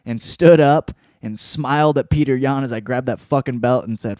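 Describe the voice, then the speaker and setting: A young man in casual solo chat, rambling through a fight recap with plenty of swearing. His voice sits at an ordinary middle pitch, and the sound is dry and close with no room around it. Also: moderate pace, hardly any pauses, no echo. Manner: profane, rambling, animated. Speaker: podcast host.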